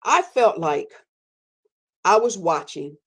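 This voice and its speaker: Woman host, lower register, fiery repetitive delivery. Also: very animated, slow pace. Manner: fiery, repetitive, preacherly emphasis with sudden pitch jumps. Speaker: podcast host. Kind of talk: emphatic personal monologue.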